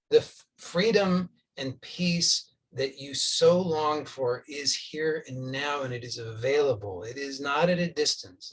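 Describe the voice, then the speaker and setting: A man's voice: medium pitch, distant mic, rough recording. A man giving a spoken spiritual teaching, earnest and insistent, repeating points for emphasis.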